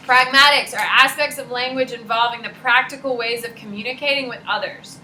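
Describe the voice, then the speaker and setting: A woman teacher giving a jokey, animated classroom lecture to her students. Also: fairly high pitch, fairly quick. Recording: echoey classroom with background noise.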